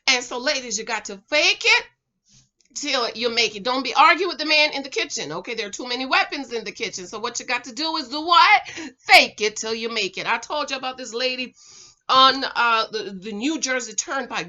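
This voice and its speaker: A woman's voice: fairly high pitch, dull audio. A middle-aged woman giving a casual, chatty show review from her home, talking straight to her female viewers and checking in with "okay?". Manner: animated, talks straight to viewers as "girl" and "ladies", keeps checking with "okay?". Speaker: vlogger reviewing a reality show.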